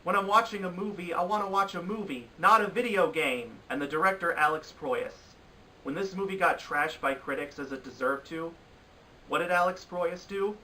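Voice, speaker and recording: A man rants through a countdown of bad films with exasperated disbelief. His voice is bright and cutting and sits a little high. He sounds a bit away from the mic. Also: normal speed, far from the mic, slight background noise, low-quality recording. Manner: exasperated, ranting critique. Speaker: film reviewer. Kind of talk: opinionated film review countdown.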